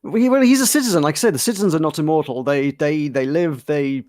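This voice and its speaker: A man's voice: fairly high pitch, fast, darkish tone, no echo, clean studio sound. A man co-hosting a game playthrough, chatting casually in a wry, rambling way with frequent restarts. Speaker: co-host. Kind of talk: casual gameplay chat.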